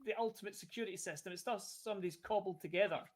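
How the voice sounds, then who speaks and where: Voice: medium pitch, very fast. A game master narrating a tabletop game in a loose, chatty way with many restarts.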